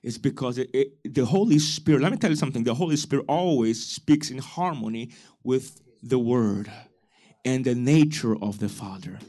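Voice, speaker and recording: A man preaching a church sermon, building to loud, emphatic calls to the congregation. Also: mid-range voice, normal speed. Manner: preaching with rising shouted emphasis and call-and-response. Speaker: pastor.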